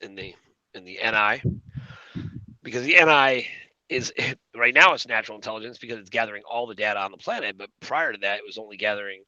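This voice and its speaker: Low-ish guy with a really bright edgy voice, rambling on in a chill chat, lots of ums and you knows. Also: quick pace, no room sound, dull audio. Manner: rambling, many fillers and restarts. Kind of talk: casual conspiracy talk.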